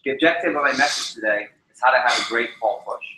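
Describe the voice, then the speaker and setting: A man leads a public speaking session before a live group, his voice bright and forceful. He varies his pace and pitch as he makes his points. The sound carries a roomy echo and a faint hum behind it. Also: fast talker. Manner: animated, varies speed and pitch to demonstrate points. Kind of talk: energetic presentation to a live group. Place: meeting room with a live audience. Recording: roomy echoey hall.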